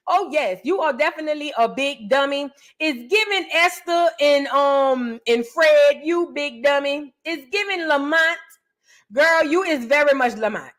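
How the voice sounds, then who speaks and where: Woman, young adult, reaction host, sassy, profane, mocking, loud, higher voice. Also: animated, measured pace. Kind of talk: brash gossip commentary.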